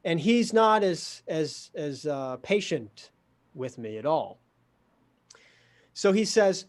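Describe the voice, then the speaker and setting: A man telling a story in a wry, animated way, acting out the dialogue. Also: fairly high pitch, slow, pauses often. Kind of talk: storytelling in a conversation.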